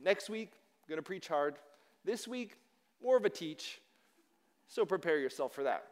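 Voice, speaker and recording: High-voiced pastor in a reverberant hall. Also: male voice, animated, moderate pace. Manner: conversational, self-deprecating. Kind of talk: sermon. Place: church sanctuary. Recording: long reverb of a large hall.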